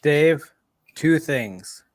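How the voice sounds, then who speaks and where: A man's voice: on the high side, lively intonation, very slow, no echo, clean studio sound. A man hosting a podcast, teasing his guest and laughing as he swears freely. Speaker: podcast host. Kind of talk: casual chat.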